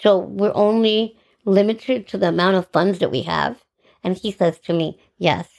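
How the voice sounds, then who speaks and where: A middle-aged woman hosting a podcast, telling her own story in an animated, sarcastic way and acting out the dialogue. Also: mid-range voice, moderate pace, creaky. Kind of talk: personal storytelling monologue.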